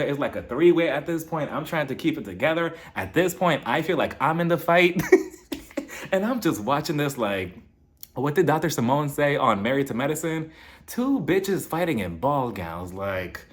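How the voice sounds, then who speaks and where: Man, animated gossipy recap host, higher-pitched voice, very expressive up and down, laughs a lot. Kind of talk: casual recap commentary.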